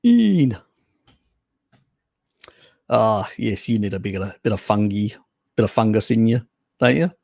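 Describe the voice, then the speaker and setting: Gravelly Australian man, casual livestream chat. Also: fairly low pitch, fairly quick, no room sound, studio quality. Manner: relaxed, rambling, swears casually. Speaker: live stream host. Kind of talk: casual chat reading viewer comments.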